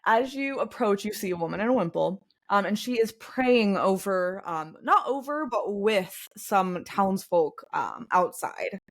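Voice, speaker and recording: A woman's voice: mid-range voice, expressive, measured pace, few pauses. A young woman running a tabletop game, narrating in a rambling way. She fills her lines with ums and likes and often breaks into giggles. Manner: rambling, filler-heavy, giggly. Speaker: game master.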